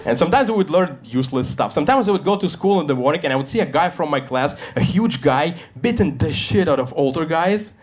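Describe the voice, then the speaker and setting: A man in his thirties from Russia, speaking English, doing a dry stand-up set on a comedy club stage with pauses full of "uh". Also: on the high side, expressive.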